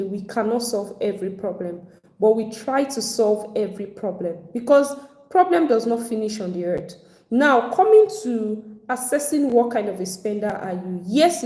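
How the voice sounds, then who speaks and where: A woman's voice: mid-range voice, dark tone. A woman teaching a live online personal finance class, speaking conversationally and acting out other people's complaints. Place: home at evening, video call. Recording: echoey room.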